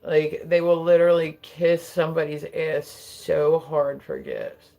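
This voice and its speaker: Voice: mid-range voice, level tone, unhurried, gravelly, dark tone. A live streamer with a New Jersey accent, chatting casually into a phone and swearing freely as they drift from one tangent to the next. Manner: rambling, profane, tangent-prone.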